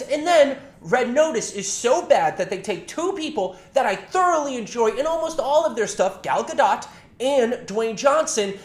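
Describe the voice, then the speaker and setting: A man's voice: very high voice, lively intonation, moderate pace. A man reviewing films in a sarcastic, rambling monologue that keeps correcting itself. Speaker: film reviewer. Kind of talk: casual opinion monologue. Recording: echoey room.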